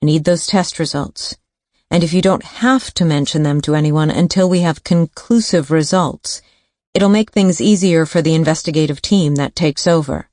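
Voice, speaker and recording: A determined woman investigator from an audiobook thriller, read by a woman narrator, urgent and firm as she presses her point. The voice is low and the sound dry and close. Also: normal speed, darkish tone, no room sound, close to an everyday voice. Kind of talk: audiobook character voice.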